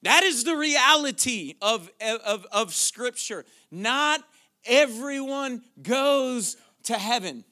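High, bright-voiced man preaching. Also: animated, slow pace. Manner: preaching, building from quiet questions to shouted declarations. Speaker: pastor. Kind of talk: sermon.

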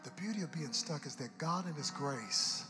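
A man preaching a sermon to a live congregation, dropping to hushed whispers and then rising to shouted, half-sung exhortation, sometimes acting out people in comic voices. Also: on the high side, lively intonation, moderate pace, big-room sound. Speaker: guest preacher. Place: church service with live congregation. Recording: music playing under the sermon.

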